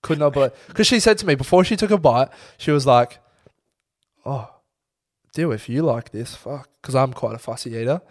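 A man's voice: medium pitch, normal speed. A young Australian man co-hosting a podcast, chatting in a laid-back, teasing way with casual swearing. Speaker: podcast co-host. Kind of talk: casual chat.

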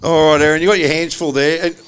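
A man's voice: a little high, fairly even intonation, fast, a bit bright. A man with an Australian accent hosting a podcast, joking casually. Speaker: podcast host. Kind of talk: casual chat.

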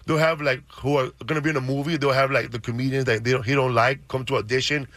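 A man's voice: medium pitch, little pitch movement, fast talker, a bit bright. A man, a comedian guest on a radio show, telling rambling stories in casual chat with many fillers.

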